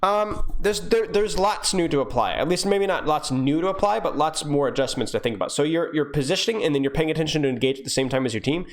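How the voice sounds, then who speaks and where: A man's voice: fairly high pitch, expressive, fast talker, hardly any pauses. A young man coaching live on stream, reviewing gameplay in a casual, joking way and answering his viewers. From United States.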